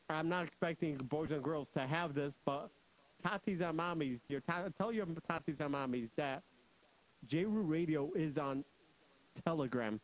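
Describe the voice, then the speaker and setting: A young man hosting a children's radio show, joking, laughing often and telling stories in an animated way. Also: fairly high pitch, rough recording. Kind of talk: playful storytelling for kids.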